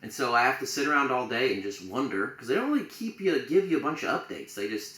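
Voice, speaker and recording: A man's voice: mid-range voice, animated, a little fast, hardly any pauses, bright, forceful tone, reverberant, rough recording. A man co-hosting a podcast, telling a story in a rambling, jokey way with plenty of fillers. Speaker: podcast co-host. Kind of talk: casual chat.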